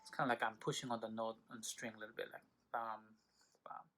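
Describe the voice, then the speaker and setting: A man's voice: fairly low pitch, little pitch movement, brisk, pushed and bright, faint music behind. A man teaching a violin lesson in a patient, informal way, with frequent fillers and self-corrections. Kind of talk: instructional tutorial. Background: violin playing between phrases.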